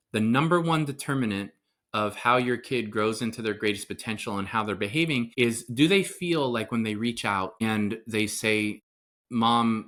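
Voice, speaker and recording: A man's voice: medium pitch, sharp tone. A middle-aged man, a parenting coach and psychotherapist, talking as a podcast guest in an earnest, explanatory way and often acting out short quoted exchanges. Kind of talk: conversational podcast interview.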